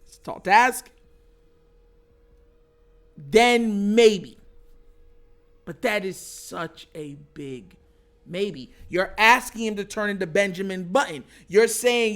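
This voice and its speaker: A man hosting a casual sports commentary show, excitable and animated, laughing often. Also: high-pitched, measured pace.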